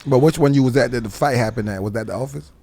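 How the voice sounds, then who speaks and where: A man's voice: mid-range voice, racing, warm tone, no echo. A man hosting a podcast interview, pressing his guest with nosy, playful questions. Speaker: podcast host. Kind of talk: casual interview.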